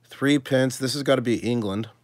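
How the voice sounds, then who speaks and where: A man of ordinary pitch talks casually to his viewers while he sorts through a pile of coins, thinking aloud and breaking into excited exclamations. His voice sits close and dry, with no room sound around it. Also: moderate pace, no room sound. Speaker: coin collecting channel host. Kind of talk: casual live coin sorting chat.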